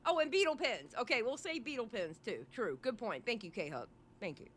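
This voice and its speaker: A woman streamer reacting live to a video, with loud, animated and profane outbursts. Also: on the high side, normal speed, a little hiss or hum.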